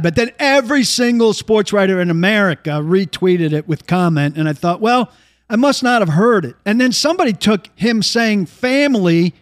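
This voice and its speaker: A man with a high voice hosts a sports talk show. He is wry and opinionated. He talks casually with his co-hosts. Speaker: host.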